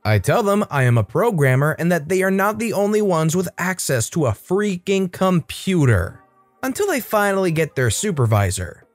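A man narrating a first-person revenge story with an animated, up-and-down delivery. His voice sits a little high and sounds dry and close-miked, with faint music underneath. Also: moderate pace, no room sound.

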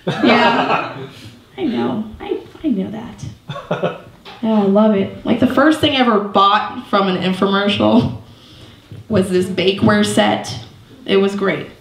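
A woman's voice: medium pitch, slow pace, gravelly. Chatty woman comic in an echoey room. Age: 30s. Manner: chatty, self-mocking, lots of "like" and "you know". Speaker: stand-up comedian. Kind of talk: stand-up comedy set. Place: small comedy venue with a live audience.

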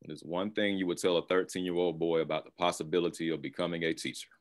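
Man, very deep voice, moderating a video call panel, conversational. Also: quick pace. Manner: relaxed and conversational, with occasional laughs.

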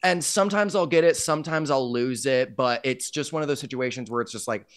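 A man's voice: mid-range voice, a little fast. A man from Iowa, a guest from a metal band, talking in a rambling, hesitant way full of fillers and swearing. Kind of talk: casual interview chat.

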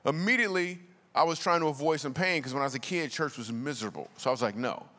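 A man's voice: a little high, fast, pushed and bright. A man, a comedian and guest speaker, telling funny stories to a church congregation in a loose, slangy, conversational way. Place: large church auditorium. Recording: long reverb of a large church hall.

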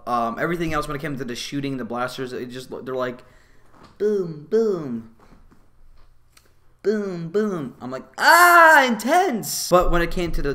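A young man giving a blunt, animated and profane movie review in a casual, opinionated way. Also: mid-range voice.

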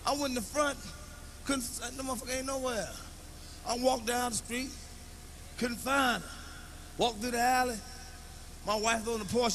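A man telling profane stand-up comedy stories to a live audience, often shouting. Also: very high voice, steady tone, normal speed, long pauses, a little hiss or hum.

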